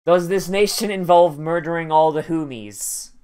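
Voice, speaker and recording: A man's voice: fairly high pitch, moderate pace, mellow, clean tone. A man giving profane, sarcastic watch-along commentary on an anime, mock-angry and swearing often. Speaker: anime reactor.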